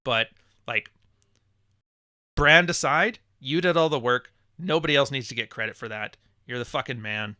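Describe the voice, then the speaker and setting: Blunt, bright-voiced man on a livestream. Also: medium pitch, moderate pace, no room sound, clean studio sound. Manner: blunt, profane, wisecracking. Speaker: podcast host reading live chat. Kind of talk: casual livestream monologue.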